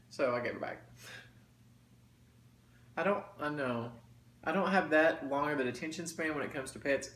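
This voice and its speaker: A mukbang vlogger eats on camera and chats with his viewers in a folksy, talkative way. His voice is a little high with a fairly bright tone. The room gives off a noticeable echo, and there is faint background noise.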